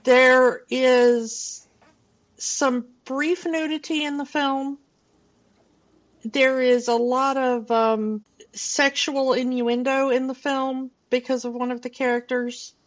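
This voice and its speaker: A woman's voice: high voice, steady tone, slow pace, pauses often, lo-fi sound. A woman in her forties, co-hosting a casual film podcast and rambling loosely with plenty of fillers and restarts. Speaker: podcast co-host.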